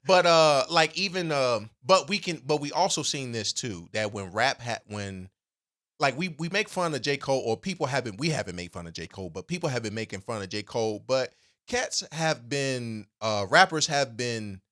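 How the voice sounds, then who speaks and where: A man's voice: medium pitch, animated, moderate pace, fairly bright tone. A man co-hosting a podcast, telling stories in a casual chat with emphatic asides and restarts. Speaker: podcast co-host.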